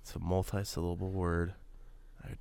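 A man's voice: deep voice, completely flat delivery, gravelly, a little mellow. Rambling man chatting on a podcast. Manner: rambling, halting, many fillers and restarts. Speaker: podcast co-host. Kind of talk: casual podcast chat.

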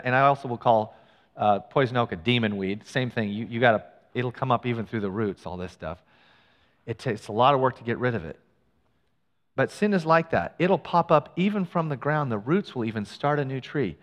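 Male pastor, middle-aged, storytelling sermon, animated delivery, long reverb in the hall. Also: mid-range voice, dull audio. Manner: animated storyteller, acts out quoted lines.

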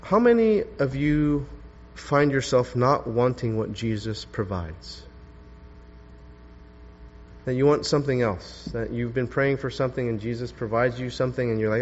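A man's voice: medium pitch, moderate pace, darkish tone, a little hiss or hum. A preacher man in a reverberant hall. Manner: earnest expository preaching, reading scripture aloud with emphasis. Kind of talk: sermon. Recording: dull lo-fi sound with long hall reverb.

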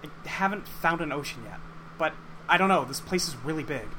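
A man's voice: a little high, animated, brisk, sharp tone, slight background noise. A man voicing an upbeat, goofy teenage boy who talks in a casual, teasing way. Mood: playful.

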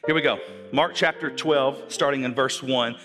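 A man's voice: medium pitch, fairly even intonation, normal speed, fairly bright tone, long reverb tail, soft background music. A man preaching to his congregation, often repeating his words and asking the audience questions. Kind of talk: sermon.

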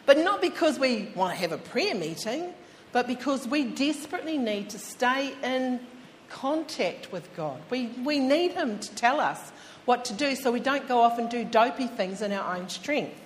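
A woman preacher tells stories from the pulpit in a relaxed, chatty way, often turning to speak straight to the people in front of her. Her voice sits a little high for a woman. It rings out through a large hall with a long reverb, and a faint hum lies underneath. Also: moderate pace. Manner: chatty, addresses listeners directly. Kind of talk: conversational storytelling sermon.

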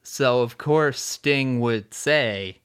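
A man co-hosting a music podcast in relaxed, jokey conversation. He talks slowly and unhurriedly. His voice is smooth and clear, and his pitch sits in a middle range. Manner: relaxed, jokey, enthusiastic about bands. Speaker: podcast co-host. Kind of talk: casual music chat.

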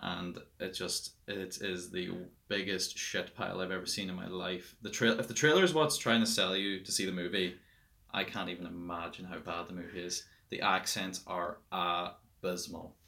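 Deep gravelly Irish guest, blunt. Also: male voice, normal speed. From Ireland. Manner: blunt, scathing, animated rants. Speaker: podcast guest. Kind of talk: casual chat.

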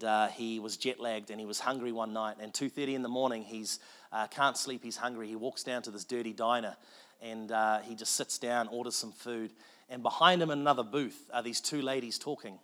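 A man tells a story in a sermon. He is animated and restarts his sentences often. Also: mid-range voice. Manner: fast, animated, with filler restarts.

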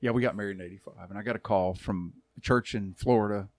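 A man around sixty, a youth pastor, tells a long story in a relaxed podcast chat, acting out quoted voices and laughing often. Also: lowish voice, fast talker, no echo. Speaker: youth pastor and church elder.

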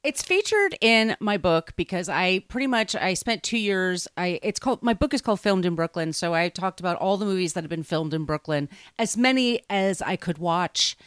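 A friendly middle-aged woman talks as a guest on a podcast. Her voice sits a little low, and the recording is close and completely dry. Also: lively intonation, normal speed, few pauses, smooth, no room sound. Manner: friendly, laughing easily. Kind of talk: casual podcast interview.

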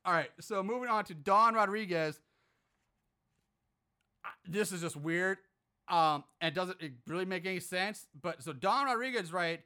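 Male podcast host, high and bright, casually sarcastic and foul-mouthed when he riffs on reviews. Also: normal speed, clean tone. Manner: sarcastic, profane, mock-outraged.

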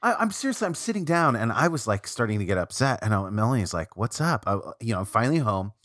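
A man chats on a casual podcast with a very lively, swinging pitch. He sounds incredulous and swears freely, sinking into low mutters for emphasis. The sound is dry and close. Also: quick pace, dry recording. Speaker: podcast co-host. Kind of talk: casual chat.

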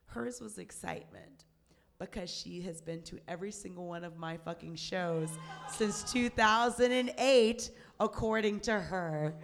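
Loud, profane woman telling a story. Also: unhurried, vocal fry. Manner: loud, profane, acts out quotes with rising pitch. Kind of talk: animated casual storytelling.

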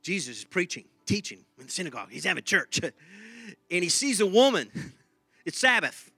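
A man preaching a sermon, animated, repeating himself and laughing now and then. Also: high voice, moderate pace, vocal fry, breathy edge, no room sound. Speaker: pastor.

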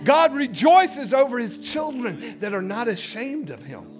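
A man's voice: very high voice, very animated, measured pace, music in the background. A man preaching a sermon as pastor in a church, emphatic, calling out to his congregation. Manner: emphatic call-and-response preaching. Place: church sanctuary.

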